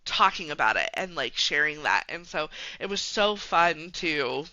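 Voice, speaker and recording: A woman's voice: low voice, lively intonation, a little slow, sharp tone, no echo. A woman hosting a podcast in a casual chat, giggling and laughing often. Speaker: podcast host. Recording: dull lo-fi dry sound.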